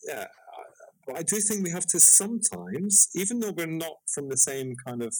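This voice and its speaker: A man's voice: on the high side, sing-song, normal speed, a little mellow, no room sound, low-quality recording. A man co-hosting a podcast over a call, rambling and hesitant with lots of fillers. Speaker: podcast co-host. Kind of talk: casual podcast chat.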